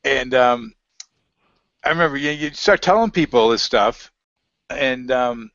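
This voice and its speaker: A man's voice: medium pitch, expressive, measured pace, fairly bright tone, dry recording. Rambling man telling anecdotes, lo-fi. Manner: rambling, anecdotal, laughs often. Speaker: guest researcher. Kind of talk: casual conversation. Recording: dull lo-fi audio, dry.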